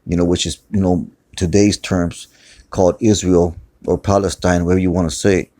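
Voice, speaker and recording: Deep, mellow-voiced man preaching casually. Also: level tone, normal speed. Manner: casual, repeats words, often says "man". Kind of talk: informal scripture teaching. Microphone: phone screen recording.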